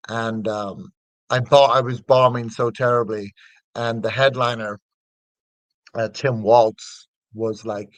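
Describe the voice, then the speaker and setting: A man's voice: mid-range voice, measured pace, no echo. A middle-aged man with a Northern Irish accent, a comedian chatting casually as an interview guest, rambling with many fillers and restarts. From north of Ireland.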